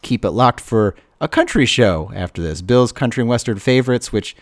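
A man's voice: mid-range voice, normal speed, no echo. A man hosting a college radio show in a studio, chatting casually, rambling and poking fun at himself with lots of fillers. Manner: rambling, self-deprecating, many fillers.

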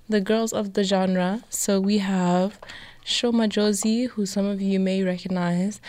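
A woman's voice: mid-range voice, a little mellow, dry recording. A woman hosting a music radio show, talking in a friendly, chatty way as she explains a music genre to her listeners. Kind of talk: casual radio presenting.

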